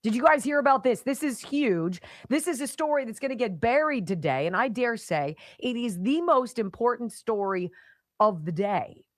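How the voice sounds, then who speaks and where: A woman's voice: on the high side, expressive, moderate pace, dry recording, clean studio sound. A woman hosting a talk radio show, delivering an opinionated monologue with sarcastic, mocking asides. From Pittsburgh area.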